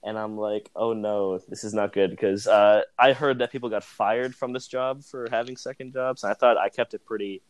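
A man's voice: mid-range voice, steady tone, moderate pace, hardly any pauses. A young man casually telling a work story on a podcast, rambling, with fillers and self-amused asides. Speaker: podcast co-host.

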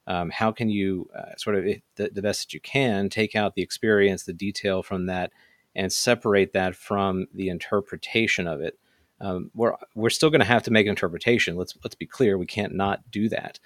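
Male panelist, very low voice, measured and halting, dry close mic. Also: steady tone, a bit bright, dry recording. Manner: thoughtful, halting, many restarts. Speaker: podcast panelist. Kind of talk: casual panel discussion.

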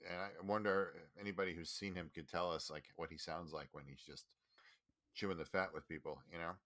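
A man on a podcast talks quickly in a very deep voice with a bright, forceful edge. He is casual and opinionated, and he packs his explanations with quick asides. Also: fairly even intonation. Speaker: podcast co-host.

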